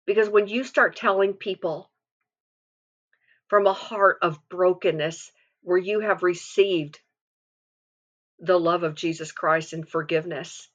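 A middle-aged woman delivers a homespun devotional sermon in a lowish voice. She retells scripture conversationally, stopping to correct herself and add asides. The recording is dull and lo-fi. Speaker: devotional speaker.

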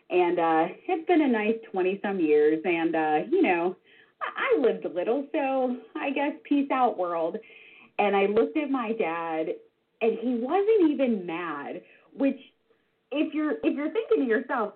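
Woman in her 40s spinning a goofy story about herself, husky voice that swoops all over, tinny phone sound. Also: mid-range voice, a little slow. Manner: animated, self-deprecating, with vivid sound words. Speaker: regular storytelling contributor. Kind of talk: personal anecdote told to listeners.

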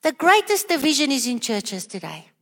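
A woman's voice: sits high, big pitch swings, normal speed, fairly bright tone, big-room sound. A woman preaching a sermon, earnest and questioning, with many repeated rhetorical questions.

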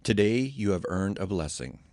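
Man reading Moses, an earnest older prophet, pleading and urgent, gravelly low voice. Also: expressive, moderate pace, a little mellow, dry recording.

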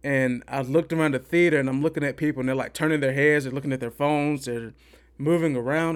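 A man's voice: mid-range voice, fairly even intonation, fairly quick. A man hosting a podcast, giving an opinionated, rambling movie review and repeating himself for emphasis. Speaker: podcast host. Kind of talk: casual movie review rant.

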